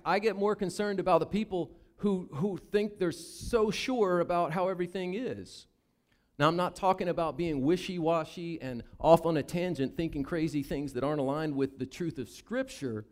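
A man with a Southern US accent preaching a sermon, acting out the Bible characters' lines. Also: fairly high pitch. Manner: animated, acts out Bible characters in voices. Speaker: pastor.

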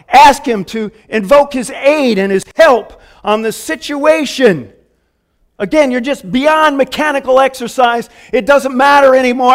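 High-voiced pastor in his fifties. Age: 50s. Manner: casual, earnest preaching with folksy asides. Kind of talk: sermon.

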